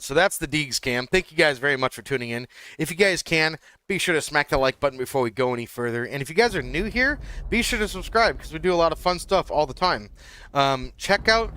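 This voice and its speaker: A man's voice: fairly high pitch, lively intonation, a little fast, bright, forceful tone, smooth, no room sound. A man hosting a game livestream, chatting loosely with lots of fillers and restarts. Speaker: livestream host. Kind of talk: casual livestream chat.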